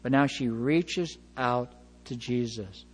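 A male pastor preaching a sermon, retelling scenes with lively acted-out dialogue and chuckles. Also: medium pitch, slow, slightly rough, big-room sound. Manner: animated storytelling, acts out dialogue, chuckles.

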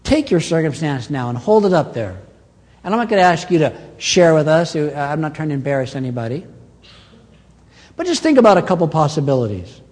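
A man preaching a sermon as pastor, with dramatic swings between loud and soft and quick and slow. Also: on the high side, in a large hall. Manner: animated preaching with dramatic swings in loudness and pace.

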